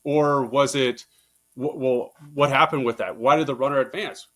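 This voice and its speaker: Baseball coach guy telling stories, casual, gets fired up and louder making a point, swears a bit. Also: mid-range voice, fairly even intonation, moderate pace. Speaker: baseball coach, podcast guest. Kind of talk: casual conversational storytelling.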